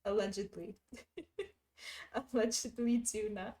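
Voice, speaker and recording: A young woman livestreams while stitching, chatting casually, giggling often and reading her viewers' messages aloud. Her medium-pitched voice is warm, fairly even in intonation and unhurried.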